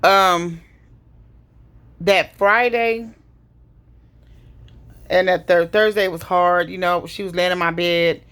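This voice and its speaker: A middle-aged woman retelling a painful family loss in a casual personal story, slowly and heavily, with pauses and sighs. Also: fairly low pitch, fairly even intonation, fairly bright tone, clear, resonant tone. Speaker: vlogger telling her story.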